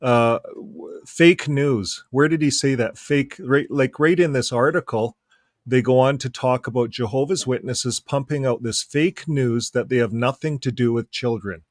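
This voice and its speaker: A Canadian man of middle pitch co-hosting a casual online news show, emphatic, often repeating himself and throwing in sarcastic asides. His voice comes through dry and close, with no room behind it. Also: moderate pace, no room sound. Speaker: co-host. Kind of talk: casual chat.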